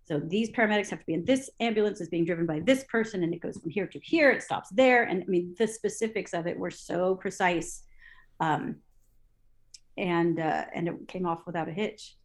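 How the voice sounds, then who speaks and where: A woman recounting television production stories in an interview, lively, acting out her own past thoughts aloud with many fillers and restarts. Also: on the low side, fairly quick. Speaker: interview guest, TV assistant director. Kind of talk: storytelling in an interview.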